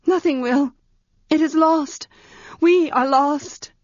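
A woman's voice: sits high, slow pace, darkish tone, no room sound, highs cut off, pitched above the performer's own voice. A woman voicing a frightened lost young woman. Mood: despairing. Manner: pleading, fearful, breathless. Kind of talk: audiobook character reading.

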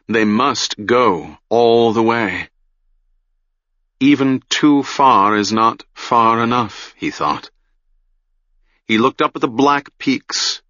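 Audiobook narrator, man, very slow and solemn, bright-edged tone, dull lo-fi recording. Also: on the low side, dry recording. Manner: measured, solemn reading. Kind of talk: scripted fantasy narration.

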